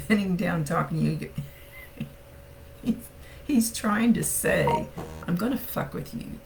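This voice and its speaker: A woman's voice: sits low, vocal fry, a little mellow, a little hiss or hum, poor audio. A woman psychic medium chatting casually through a reading, laughing often as she relays messages.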